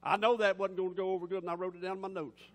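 A pastor with a strikingly high voice for a man preaches with folksy fervor. His words ring out with a long reverb through the church sanctuary. He talks plainly and with passion. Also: flat delivery, racing, fairly bright tone. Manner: impassioned, folksy preaching with casual grammar. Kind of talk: sermon.

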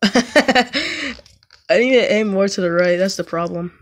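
Young woman gamer, unhurried slangy commentary, mid pitch, bursts of yelling. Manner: slangy, says "bruh" often, sudden excited yelps. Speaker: gaming YouTuber. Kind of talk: casual gameplay commentary. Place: home.

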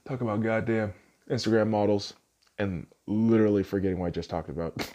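A man's voice: on the low side, fairly even intonation, fairly quick, warm tone. A young man hosting a solo podcast, ranting profanely and arguing back at himself. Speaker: podcast host.

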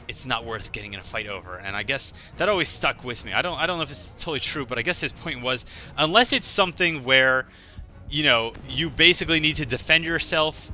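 Bright-voiced man riffing over gameplay. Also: medium pitch, a little hiss or hum. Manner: rambling, joking storyteller. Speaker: gaming commentator. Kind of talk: casual gameplay commentary.

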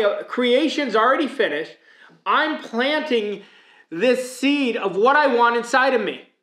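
Emphatic motivational coach, echoey room. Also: male voice, very high voice, a bit bright. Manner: emphatic, preaching, rhetorical questions. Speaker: mindset coach. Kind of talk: motivational speech.

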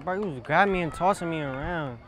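A teenage boy wearing a mic while playing soccer, shouting to teammates and arguing calls with the ref outdoors. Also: on the high side, fast, very noisy. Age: teens. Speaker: soccer player. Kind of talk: mic'd up on-field chatter. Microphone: body-worn mic on a player. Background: crowd and players on the field.

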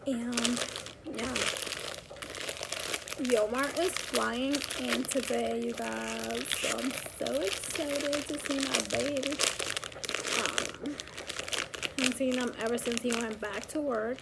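A woman's voice: a little high, fairly even intonation, slow, vocal fry, long pauses, very noisy. A woman vlogging casually at home as a mother, chatty and rambling with many fillers. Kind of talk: casual chat. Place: home, indoors.

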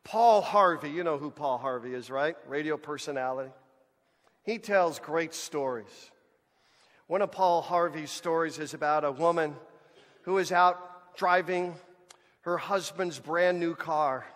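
Pastor preaching slow and deliberate, lots of echo from the church hall, calls everyone folks. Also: male voice, fairly high pitch. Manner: animated preacher, addresses the congregation as folks. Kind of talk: sermon. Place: church sanctuary. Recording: church hall with long reverb.

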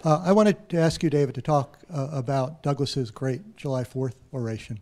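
A male teacher in a lecture audience asks a long question, halting often and filling his pauses with "uh" and "um". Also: medium pitch, a little mellow. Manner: halting, with many fillers.

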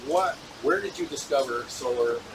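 A man's voice: mid-range voice, normal speed, noisy background. A man hosting an interview, introducing his guest in a loose, chatty way with many fillers. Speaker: interviewer and show host. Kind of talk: casual interview.

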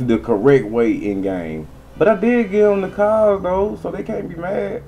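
A man's voice: sits high, very animated, unhurried, hardly any pauses, warm tone, low-quality recording. A man giving rambling, profane gameplay commentary as he talks to his viewers. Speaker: gaming streamer.

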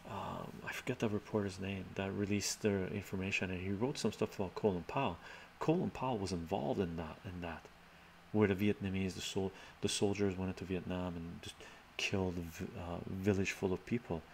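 A man's voice: sits low, fairly even intonation, fairly quick, creaky, slight background noise. A man live streaming and answering his chat in a loose, rambling way, often tagging his points with "right?" and chuckling.

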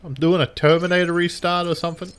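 A man giving goofy, wisecracking commentary while playing a video game, often yelling at the characters. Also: on the high side, little pitch movement, quick pace, smooth. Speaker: puppet character gameplay commentator. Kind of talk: comedic gameplay commentary.

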